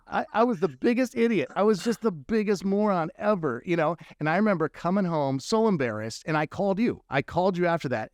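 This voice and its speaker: A man hosting a podcast, telling a story in a lively, animated way with quick asides. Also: fairly high pitch, no room sound, clean studio sound. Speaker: podcast host. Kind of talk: casual storytelling chat.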